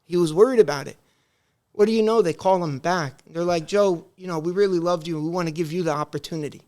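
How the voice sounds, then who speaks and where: Brief: man, high voice, animated storyteller on a podcast. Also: fast talker. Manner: animated, acts out family dialogue. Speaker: podcast guest. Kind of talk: casual storytelling.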